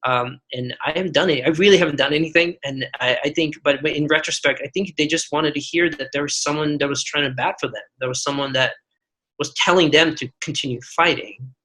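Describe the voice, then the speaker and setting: Earnest, bright-voiced man in his forties. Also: fairly high pitch, brisk, rough recording. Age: 40s. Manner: earnest, storytelling with many restarts. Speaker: guest physician. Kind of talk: podcast interview.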